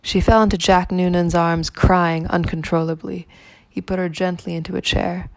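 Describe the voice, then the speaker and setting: Gravelly woman reading a story aloud. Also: on the low side, dry recording. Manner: measured, even reading. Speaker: narrator. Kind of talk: storybook narration.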